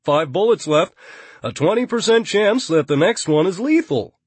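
A man's voice: high-pitched, expressive, normal speed, husky, no echo, pitched above the performer's own voice. A man voicing a cheerfully menacing adult bounty hunter in an audiobook, taunting and mock-cheerful. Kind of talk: audiobook character reading.

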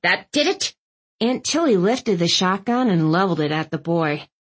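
A woman narrating a first-person audiobook in a wry, even storytelling manner. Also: fairly low pitch, normal speed, breathy edge.

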